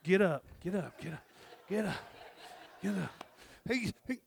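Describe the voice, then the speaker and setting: A man preaching a sermon, telling folksy stories and acting out the dialogue, swinging from shouted peaks down to low murmurs. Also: animated, a little slow, creaky, a little hiss or hum. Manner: folksy storytelling with acted-out dialogue. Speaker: pastor.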